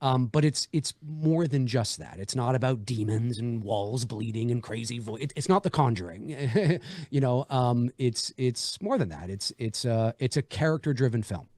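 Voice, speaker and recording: Guy rambling about his indie horror film, lots of ums, mid pitch, dry sound. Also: animated, moderate pace, a little mellow, no echo. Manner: rambling, many fillers and restarts. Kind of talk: casual livestream chat.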